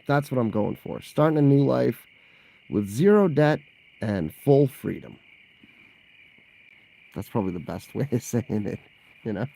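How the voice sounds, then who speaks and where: Gravelly man chatting on a livestream. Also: mid-range voice, mellow. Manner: rambling and chatty, laughs often, reacts to live chat. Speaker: vlogger answering viewer questions. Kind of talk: casual livestream Q&A.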